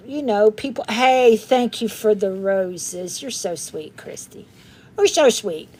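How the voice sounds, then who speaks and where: Chatty lady hosting a craft stream, kinda high voice, rambles along slow, laughs a lot. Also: darkish tone. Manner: chatty, rambling, greets viewers by name; laughs often. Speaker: craft livestream host. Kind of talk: casual livestream chat.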